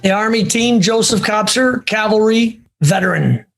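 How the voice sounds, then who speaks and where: Male panelist, high voice, wisecracking game-show banter. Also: normal speed, creaky, a bit bright, faint music behind. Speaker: panel player on the Army team. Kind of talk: casual game-show banter over video call.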